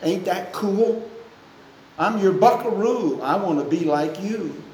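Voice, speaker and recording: Man voicing a little boy adoring his dad, sing-song, slightly raised pitch, echoey church. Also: takes it slowly, a little mellow, a little hiss or hum. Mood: eager. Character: eager four-year-old boy admiring his dad. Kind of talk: reading a song lyric aloud in a sermon.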